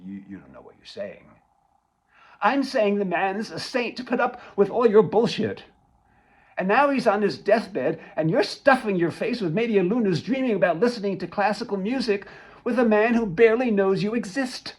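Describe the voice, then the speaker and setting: A man's voice: high-pitched, sing-song, normal speed, voice pushed up, low-quality recording. A man reading aloud as a resentful grown daughter who speaks in a heated, accusing way. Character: bitter grown daughter, sharp-tongued and resentful.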